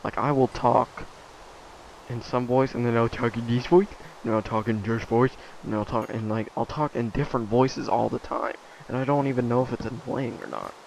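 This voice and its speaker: A teenage boy and gaming vlogger chats casually while playing a game, rambling with lots of fillers and drifting off mid-thought. His voice is medium-pitched and darkish with vocal fry, delivered at a moderate pace with fairly even intonation. The low-quality recording has slight background noise.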